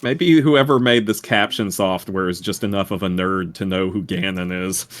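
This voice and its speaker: A man's voice: sits low, normal speed. A man hosting a live game stream, chatting casually, laughing often and sharing franchise trivia. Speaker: streamer host.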